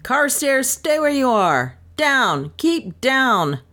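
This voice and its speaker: A woman's voice: low voice, measured pace. A woman voicing a cocky, wisecracking male private detective in an audiobook reading. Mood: shouting commands. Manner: brash, bossy, sardonic.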